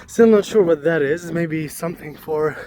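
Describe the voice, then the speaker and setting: A man's voice: fairly high pitch, normal speed, dark tone, slight background noise. A man vlogging as he walks outdoors at ancient ruins, thinking aloud with a joking, self-mocking manner. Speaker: travel vlogger. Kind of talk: casual walk-and-talk narration.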